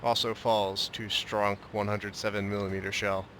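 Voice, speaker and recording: Young male gameplay commentator, bright forward tone, joking mock-Russian asides, faint hiss behind. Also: lowish voice, little pitch movement, normal speed. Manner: joking, drifts into a mock Russian tank-talk.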